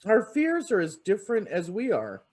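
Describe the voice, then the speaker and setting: Expressive minister giving a sermon. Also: medium pitch, normal speed. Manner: storytelling, expressive.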